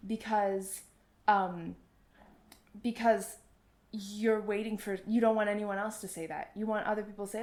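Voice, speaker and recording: A young woman hosting a solo podcast, talking in a chatty, earnest way and acting out nervous quotes in a higher voice. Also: flat delivery, normal speed, a little mellow, reverberant. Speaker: podcast host, oboist and performance coach.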